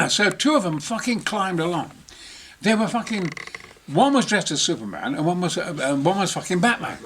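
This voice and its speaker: A man's voice: sits high, very animated, moderate pace, fairly bright tone, a little hiss or hum. A man telling boisterous, sweary anecdotes in casual behind-the-scenes chat. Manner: boisterous, sweary, theatrical storytelling.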